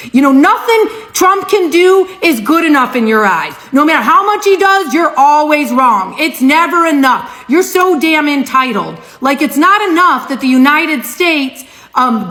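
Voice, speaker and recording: A woman with a high voice scolds her listeners in a sarcastic, mocking tone. She speaks as a commentator addressing the camera directly. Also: fairly bright tone. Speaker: social media commentator.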